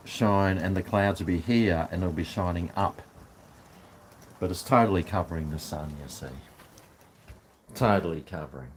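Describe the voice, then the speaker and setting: Man, Australian accent, livestream host, chatty and rambling, echoey room. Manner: rambling, chatty, jokey asides, talks to his dog in a high excited voice. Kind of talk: casual livestream chat. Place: house, indoors and on a balcony. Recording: echoey room with faint background noise.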